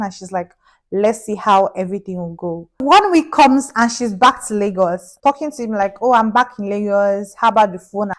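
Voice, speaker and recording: Young woman vlogger, mid-range voice, chatty storyteller who drops into pidgin. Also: medium pitch. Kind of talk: casual storytelling vlog.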